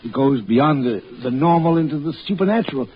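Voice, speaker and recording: An actor playing a calm, rational doctor in a 1940s radio horror drama, measured and soothing. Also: male voice, a little high, slightly rough. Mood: reasoning. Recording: muffled 1940s radio broadcast with faint hiss.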